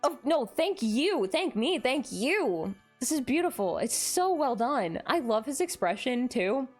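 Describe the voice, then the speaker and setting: Gushing, excitable high-voiced woman streamer. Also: unhurried, soft background music. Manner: gushing and excitable, frequent gasps. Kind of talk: casual live-stream chat.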